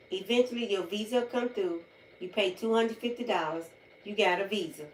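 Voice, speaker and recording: An American woman hosts a livestream in a mid-range voice, chatty and casual, repeating her points for emphasis. The sound is roomy with her far from the mic, with faint ambience and slight background noise.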